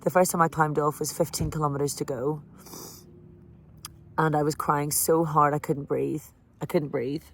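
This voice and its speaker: A woman's voice: low-pitched, level tone, moderate pace. An Irish woman vlogging candidly and emotionally about a hard cycling challenge. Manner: emotional, candid, breaks into laughter. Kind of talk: candid personal vlog.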